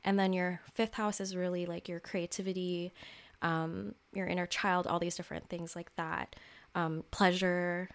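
A woman's voice: on the low side, flat delivery, moderate pace. Candid young woman hosting a podcast. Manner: casual and candid, heavy use of "like" and "um"; open about her feelings. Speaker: podcast host. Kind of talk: reflective solo podcast talk.

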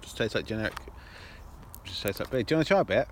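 A man's voice: lowish voice, lively intonation, fast talker, background noise. A man co-hosting a podcast in casual banter, rambling and repeating himself, often laughing. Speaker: podcast co-host.

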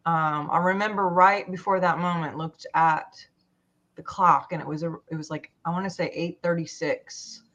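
A woman telling a personal story in a conversation, halting and full of fillers and restarts. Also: lowish voice, fairly even intonation, a bit bright. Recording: dull lo-fi sound.

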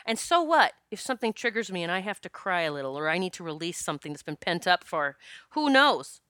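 Candid woman storyteller; crisp, bright voice; dry close sound. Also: fairly low pitch, big pitch swings, fairly quick, no echo. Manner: candid, laughs often, swears freely. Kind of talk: casual storytelling monologue.

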